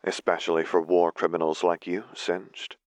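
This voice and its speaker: A man reading the lines of a wary, masked young woman mage in a fan fiction audiobook, speaking flatly and bluntly. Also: low voice, moderate pace, no echo, natural voice. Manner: flat, blunt. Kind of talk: audiobook character voice.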